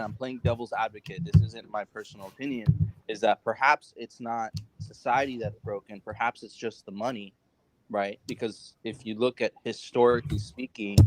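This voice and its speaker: A man's voice: lowish voice, low-quality recording. A man from the United States talking casually as a podcast host, loose and conversational, with many fillers and restarts.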